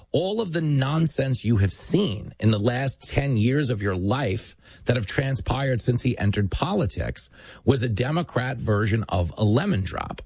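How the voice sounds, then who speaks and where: A man's voice: mid-range voice, darkish tone, breathy edge, dry recording. A man hosting a talk show, delivering an emphatic, sardonic political monologue into a studio microphone.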